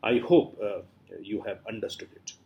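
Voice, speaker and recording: A middle-aged man with an Indian English accent gives a recorded lecture on poetry and explains patiently, often pausing on fillers and restarting. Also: fairly low pitch, highs cut off. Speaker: literature lecturer.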